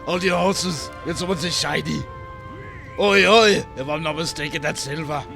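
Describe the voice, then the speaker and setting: A man voicing a small, excitable creature who was trapped in a cave-in, speaking in a squeaky, high, loud voice. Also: moderate pace, vocal fry, over music. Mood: excited.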